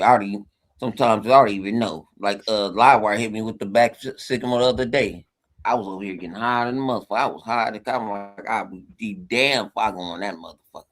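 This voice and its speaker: A man on a podcast in casual chat, talking in a laid-back, mumbling way and swearing freely. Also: fairly low pitch.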